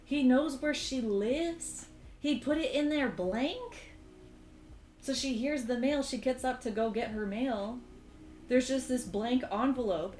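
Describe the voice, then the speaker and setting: A young woman vlogger chatting casually while she draws, telling a story in an animated, exasperated way with sudden jumps in pitch. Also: roomy sound, slight background noise, poor audio. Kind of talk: casual chat while drawing.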